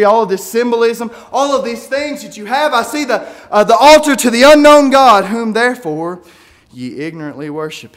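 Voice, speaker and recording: A man preaching a sermon, reading scripture aloud and swinging from quiet musing to shouted peaks. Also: sits high. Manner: reads scripture aloud in King James wording.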